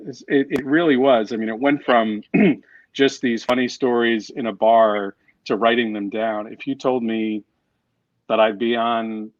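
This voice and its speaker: A man's voice: medium pitch, steady tone, unhurried, no room sound. Man telling stories over a dull call line. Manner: storytelling, self-deprecating, restarts often. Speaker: guest author and coach. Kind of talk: casual interview chat.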